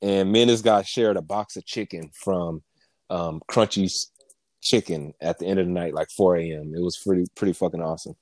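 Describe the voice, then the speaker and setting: A young man co-hosting a podcast, telling a rambling, animated story with laughs and a lot of swearing. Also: low voice, moderate pace, no echo. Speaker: podcast co-host. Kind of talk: casual chat.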